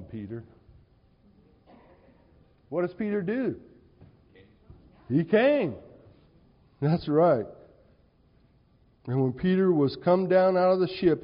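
A male preacher delivering a sermon in an animated, conversational storytelling way in a church hall. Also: a little high. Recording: dull, reverberant hall sound.

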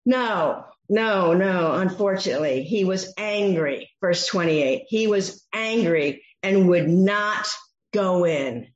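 Slow, echoey woman preaching a sermon. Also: on the low side. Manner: expressive Bible teaching, acting out quoted voices. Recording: echoey dull room sound.

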